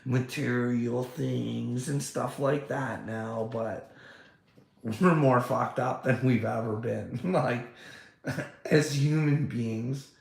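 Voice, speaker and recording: A man's voice: medium pitch, steady tone, slow, gravelly, roomy sound. A man talking casually in a rambling, profane rant, with frequent laughter and many fillers. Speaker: podcast host.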